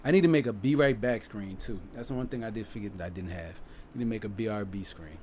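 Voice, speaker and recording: A man's voice: lowish voice, fast talker, darkish tone, slight background noise. A man casually talking viewers through comedy clips he is reacting to, loose and laid-back.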